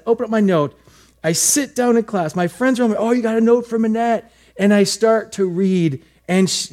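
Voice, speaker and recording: A man's voice: fairly high pitch, a little mellow. A male pastor preaching a sermon, telling a personal story with acted asides.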